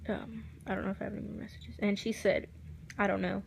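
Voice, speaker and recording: A woman telling a personal story to camera, recounting quoted text messages in a soft, halting voice that drops at times to near a whisper. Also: medium pitch, little pitch movement, vocal fry, background noise. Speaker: vlogger.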